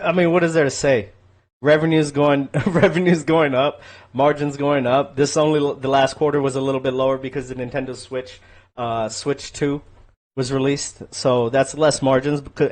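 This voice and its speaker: A man in his thirties hosting a livestream, rambling casually about markets and chatting with viewers. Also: mid-range voice. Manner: rambling, thinks aloud, chats with viewers. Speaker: livestream host. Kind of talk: casual livestream commentary on stocks.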